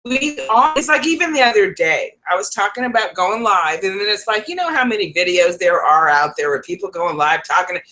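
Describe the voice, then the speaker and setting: A woman speaking on a casual live stream from her home, with a bright, forceful voice. She talks chattily, restarts her sentences and laughs often. Her pitch sits in the middle for a woman. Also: lively intonation, brisk, hardly any pauses, soft background music. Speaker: psychic livestream host.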